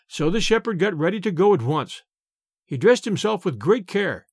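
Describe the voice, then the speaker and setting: A man narrating a storybook tale in an expressive, measured reading voice. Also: high voice, breathy edge, no room sound, studio quality.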